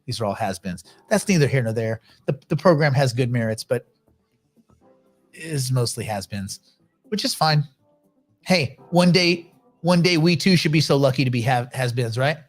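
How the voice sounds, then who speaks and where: A man's voice: mid-range voice, animated, moderate pace, long pauses, faint music behind. A man casually hosting a livestream, talking in a rambling, chatty way with frequent restarts. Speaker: livestream host.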